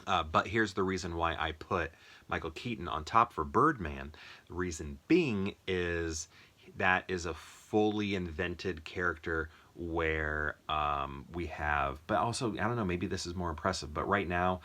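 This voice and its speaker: Casual male movie reviewer, deep but bright and forceful tone, meandering delivery full of ums. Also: unhurried. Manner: rambling, thinking aloud with many fillers. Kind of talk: casual movie ranking monologue.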